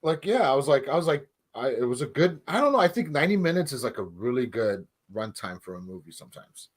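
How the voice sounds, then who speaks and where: A man co-hosting a movie podcast in casual chat, relaxed and rambling with many fillers. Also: mid-range voice, quick pace. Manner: relaxed, rambling, lots of likes and ums. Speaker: podcast co-host.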